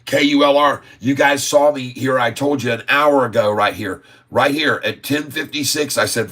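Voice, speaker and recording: A man hosting a live stock-market stream, excitedly calling price moves, drawing out sing-song chart calls and repeatedly addressing viewers as folks. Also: mid-range voice, moderate pace, hardly any pauses. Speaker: stock market channel host.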